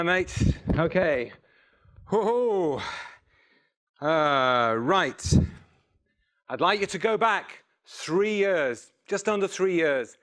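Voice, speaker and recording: Animated man telling a story. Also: a little high. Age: middle-aged. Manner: animated, self-mocking, acts out phone calls. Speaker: public speaker. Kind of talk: storytelling talk to a live audience.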